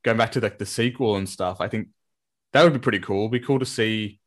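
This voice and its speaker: A man co-hosts a casual podcast chat, his voice sitting a little low. He rambles in a relaxed way, trailing off and laughing often. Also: a little fast. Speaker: podcast co-host.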